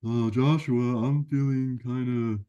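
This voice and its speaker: A man's voice: mid-range voice, steady tone, slow pace, warm tone, clear, resonant tone, highs cut off, natural voice. A man voicing a cheerful, chatty sidekick puppet who keeps butting in with eager, friendly remarks. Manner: eager, friendly, pops in uninvited.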